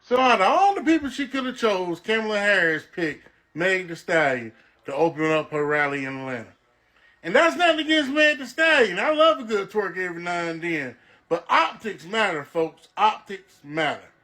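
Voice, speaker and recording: Man, high bright voice, wry casual commentary. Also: lively intonation, normal speed. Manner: wry, addresses viewers as folks. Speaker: social media commentator.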